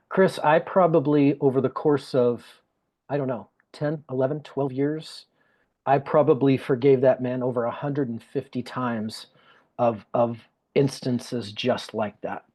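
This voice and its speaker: A man's voice: mid-range voice, steady tone, measured pace, darkish tone. A man, a guest speaker, telling a personal story in conversation, earnest and emotional, often repeating phrases for emphasis.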